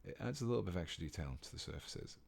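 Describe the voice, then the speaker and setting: A man's voice: low voice, very fast, gravelly, husky. A British man giving a casual painting tutorial on a live stream, chatting with viewers as he works. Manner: relaxed and chatty, reading out viewer comments.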